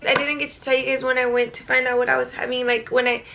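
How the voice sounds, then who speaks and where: Young woman vlogger from California, casual storytime delivery, gravelly fry, slightly high voice, chatty with filler words. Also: level tone, quick pace, noisy background. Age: young adult. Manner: chatty, many likes and ums, swears casually. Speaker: vlogger telling her life story.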